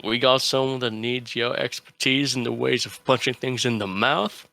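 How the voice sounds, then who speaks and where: A man playing a brash, smooth-talking man who runs a shady business, pitching like a salesman with loud bursts. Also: steady tone, normal speed, no echo.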